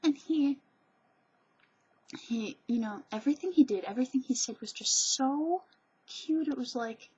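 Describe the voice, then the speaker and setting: Woman vlogger, slow and husky, gushy rambling chat, dull lo-fi webcam sound. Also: high voice, warm tone. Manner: gushing, chatty, digressive. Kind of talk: rambling casual monologue.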